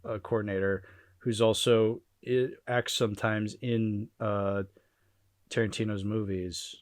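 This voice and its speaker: A man's voice: on the low side, little pitch movement, measured pace, dry recording, studio quality. A young man hosting a casual movie podcast, rambling and joking with frequent laughs. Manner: rambling, jokey, laughs often. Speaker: podcast host.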